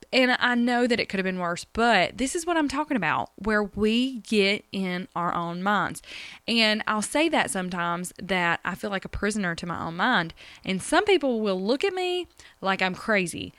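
Speaking directly to listeners, this podcast host pours out a rambling, emotional account of her day in a confessional style. Her voice is smooth and a bit bright at a medium pitch, and the recording carries no room sound.

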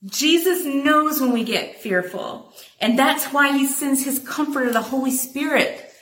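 A woman's voice: high voice, measured pace, reverberant, a little hiss or hum. Chatty woman teaching scripture. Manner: chatty and animated, addresses listeners as y'all. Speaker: Bible teacher. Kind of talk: casual Bible teaching.

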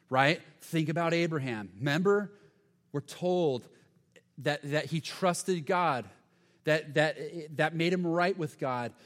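Earnest male pastor preaching in a hall. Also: medium pitch. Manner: earnest, emphatic, with stumbles and repeats. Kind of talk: sermon. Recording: long hall reverb.

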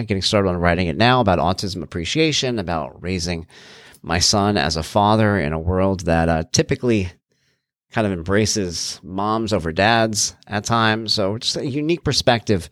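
A man's voice: sits low, dry recording, studio quality. A man hosting his own podcast, talking earnestly and casually, thinking aloud with frequent restarts. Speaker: podcast host and author. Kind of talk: casual solo podcast talk.

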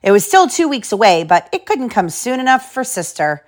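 A woman's voice: fairly high pitch, sing-song, normal speed. A woman reading a children's picture book aloud to her kids, in a storytelling, sing-song way.

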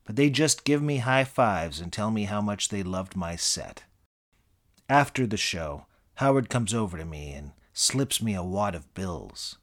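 Brief: middle-aged male comic narrator, deadpan, self-aggrandizing, lowish pitch. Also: unhurried. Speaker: comedic narrator. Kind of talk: scripted comedic narration.

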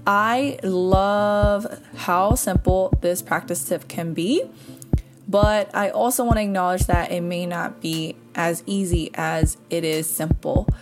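A woman's voice: fairly low pitch, steady tone, takes it slowly, music in the background. A woman hosting a podcast, introducing and wrapping up a segment in a friendly, informal way. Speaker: podcast host.

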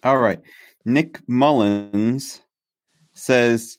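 A man hosting a live stream, praying for viewers and reading their messages in an earnest, steady way. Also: medium pitch, moderate pace.

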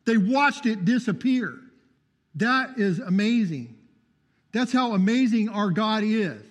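A man with a notably high voice preaches his testimony with fervor and keeps calling out for amens. The sound carries a long reverb, as if from a church hall. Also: lively intonation, slow pace. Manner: fervent, calls out for amens. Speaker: testimony speaker.

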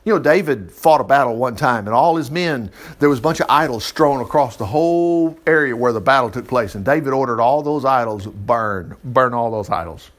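A man's voice: mid-range voice, expressive, brisk, hardly any pauses. A man reading scripture aloud and breaking off for folksy, chatty asides. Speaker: Bible teacher. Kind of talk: reading scripture with casual commentary.

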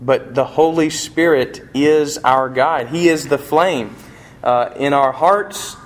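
A man's voice: a little high, slow pace. A man preaching a sermon in a folksy, conversational storytelling manner. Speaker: pastor.

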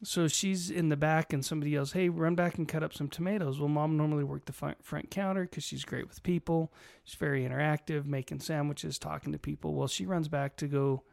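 A man's voice: a little high, a little fast, vocal fry, few pauses. A middle-aged man co-hosting a casual chat, telling stories and acting out what people said. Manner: animated storyteller, acts out quoted voices. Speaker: podcast co-host.

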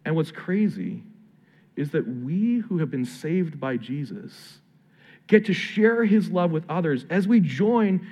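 A man, a pastor, preaching a sermon in a conversational, earnest way, slowing down for emphatic phrases. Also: on the high side, expressive, warm tone.

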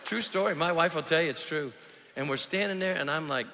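A man preaching a sermon as a pastor, telling stories and swinging from quiet asides to shouted emphasis. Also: fairly high pitch, a little fast, in a large hall, slight background noise. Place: large church hall.

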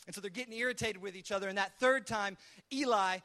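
A man preaching a conversational sermon, telling the story in a casual, chatty way with lively acted asides. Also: high voice, fast talker. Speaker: pastor.

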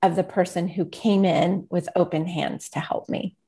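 A middle-aged woman co-hosting a faith talk show, telling a personal story in an earnest, relaxed way with plenty of "like" and "um". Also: fairly low pitch, normal speed, slight background noise. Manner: earnest and relaxed, with filler words like 'like' and 'um'. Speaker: podcast co-host sharing a faith story. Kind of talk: casual conversational storytelling.

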